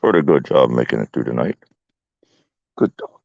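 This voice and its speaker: A man with a very deep, gravelly voice rambles in folksy, profane porch talk. The sound is dry and a little dull, recorded close with no room around it. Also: expressive, normal speed, darkish tone, dry recording. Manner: profane, folksy, laughing storyteller. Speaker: vlogger talking to his viewers and pets. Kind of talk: rambling casual porch chat. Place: outdoors on a home porch.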